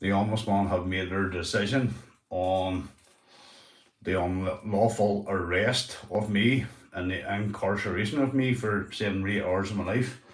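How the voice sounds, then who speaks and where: A man's voice: low-pitched, fairly even intonation, unhurried, recorded from a distance. A man with a Northern Irish accent hosting a casual livestream, chatting to viewers by name and swearing freely. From Northern Ireland. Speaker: livestream host. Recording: roomy echo, voice away from the mic.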